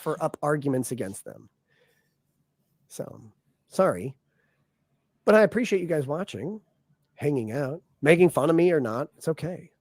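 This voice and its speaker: A man in a played clip, talking to his stream chat in a hesitant, measured way. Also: fairly high pitch, animated, dry recording, studio quality. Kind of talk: casual talk to a stream chat.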